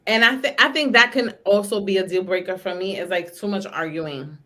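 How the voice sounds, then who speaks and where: A woman in her thirties hosting a casual podcast chat with friends, animated, acting out quoted lines loudly. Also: mid-range voice, a little fast. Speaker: podcast host.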